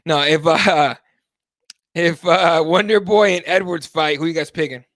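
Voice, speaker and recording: A man's voice: fairly high pitch, measured pace, a bit bright, no echo, studio quality. A man hosting a live MMA talk show, chatting casually and animatedly, swearing freely and reading viewer comments aloud. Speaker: host.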